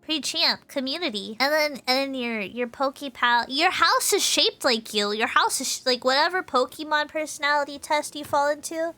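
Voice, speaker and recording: A woman's voice: high-pitched, normal speed, hardly any pauses, pushed and bright, soft background music. A tipsy woman streamer rambling through a casual explanation, giggly and loose, often correcting herself mid-sentence. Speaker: VTuber streamer.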